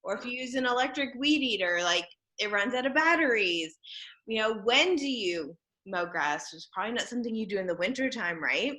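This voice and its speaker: Over a video call, a woman teaches a junior high class, upbeat and encouraging as she playfully coaxes her students along. Her intonation is lively, her delivery brisk, and her tone sharp.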